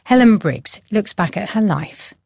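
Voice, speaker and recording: A woman newsreader reading scripted headlines in a measured, formal way. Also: medium pitch, expressive, gravelly, a little mellow, slightly rough, no room sound, clean studio sound. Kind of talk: scripted news bulletin. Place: studio.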